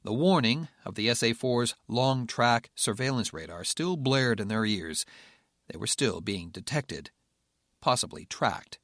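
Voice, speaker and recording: A man reading a military thriller audiobook in steady, measured narration. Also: medium pitch, no room sound, clean studio sound. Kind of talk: scripted narration.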